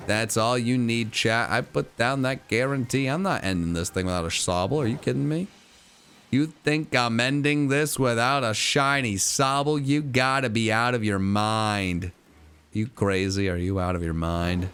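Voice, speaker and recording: A man's voice: medium pitch, lively intonation, a little slow, fairly bright tone, faint music behind. A man streaming a video game, playful and theatrical, talking to his chat. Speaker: gaming streamer. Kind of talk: live stream commentary and chat reading.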